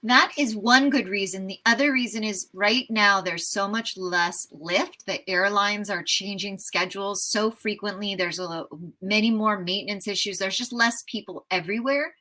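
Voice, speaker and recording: An enthusiastic woman from the United States in her fifties, chatting as an interview guest with a bright, forward tone. She tells travel stories in a lively, eager way. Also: medium pitch, moderate pace, hardly any pauses, rough recording. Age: 50s. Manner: enthusiastic, animated storyteller. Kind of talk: casual storytelling interview.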